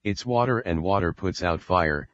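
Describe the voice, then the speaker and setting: A man voicing a patient, fatherly creator who speaks calmly and gives firm commands, in an audiobook reading. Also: deep voice, moderate pace, dry recording, lo-fi sound. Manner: calm, firm.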